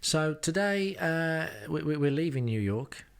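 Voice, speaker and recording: A man's voice: fairly high pitch, lively intonation, a little slow, creaky, clean tone. A man hosting a podcast, narrating a travel diary in a dry, self-deprecating way with wry asides. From England. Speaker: podcast host. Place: rented home.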